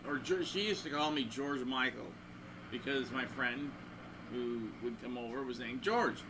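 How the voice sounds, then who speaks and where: Speaking a little slowly in a mid-range voice, a man rambles through a crude story between stretches of guitar playing, voicing each person he mentions. He's the guitarist hosting the channel, and background noise is audible.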